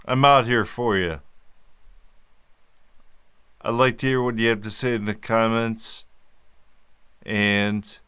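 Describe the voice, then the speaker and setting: Slow, halting man with a smooth voice. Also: medium pitch, sharp tone. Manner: slow, halting speech with long pauses and sighs; candid, informal, occasional cursing. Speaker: vlogger. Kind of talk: personal video diary.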